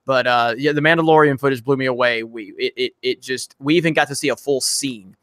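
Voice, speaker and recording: A man hosting a casual livestream, reading out viewer comments and answering them in a relaxed, rambling way. His voice sits at a middle pitch and sounds dry and close to the mic. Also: fairly quick, no room sound. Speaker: host.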